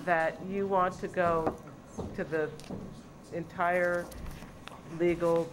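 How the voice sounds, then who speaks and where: A woman board member debating at a public town meeting, questioning and quick to object. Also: on the low side, flat delivery. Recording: noisy meeting room recording.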